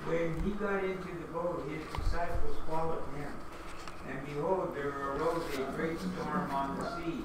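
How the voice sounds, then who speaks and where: A man reading a Bible passage aloud to the group in a plain, steady way. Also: fairly high pitch, normal speed. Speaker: study group member. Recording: echoey, distant, noisy.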